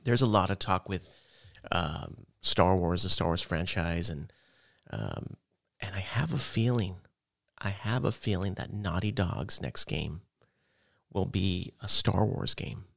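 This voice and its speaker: Casual male podcast co-host, gravelly rambling delivery, dry close sound. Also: low voice, expressive, a little slow, no echo. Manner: rambling, loose, lots of fillers. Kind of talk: casual gaming chat.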